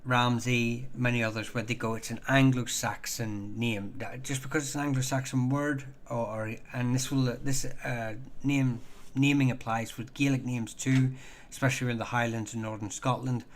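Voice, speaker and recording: A man hosting a casual live stream, answering viewer questions in a halting way, full of ums and restarts, chatty and self-deprecating. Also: mid-range voice, fairly even intonation, slight background noise.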